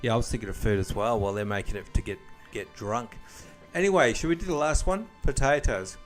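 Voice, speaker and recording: A man hosts a casual quiz game for a podcast, with a voice of middling pitch. He reads each clue plainly and then drifts into jokes and banter with the players. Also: brisk, soft background music. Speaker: quiz host.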